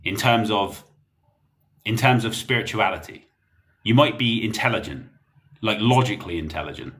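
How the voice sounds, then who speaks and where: Deep-voiced man chatting on a livestream. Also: expressive, normal speed, a bit bright. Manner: blunt, rambling, laughs often. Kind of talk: casual livestream chat reading comments.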